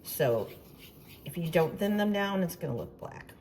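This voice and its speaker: A woman's voice: on the low side, expressive, a little slow, heavy background noise. A woman hosting a baking tutorial, chatting casually with playful, self-deprecating asides as she demonstrates.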